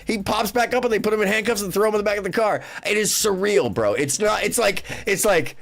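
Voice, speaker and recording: A man's voice: sits high, fast, creaky, few pauses, a bit bright. A man hosting a casual call-in livestream, rambling, apologizing often and laughing easily. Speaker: livestream host.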